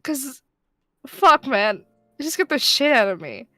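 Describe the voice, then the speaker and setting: Bright, animated woman telling a story. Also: high voice, slow, no echo, soft background music. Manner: animated, swears a lot, loud bursts when excited. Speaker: guest co-player, voice actor. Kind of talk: casual storytelling over a game stream.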